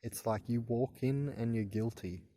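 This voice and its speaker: Speaking to camera on his own channel, this man in his thirties wanders through a hesitant, casual monologue, stammering and starting over. He has a medium-pitched, mellow voice and an unhurried delivery.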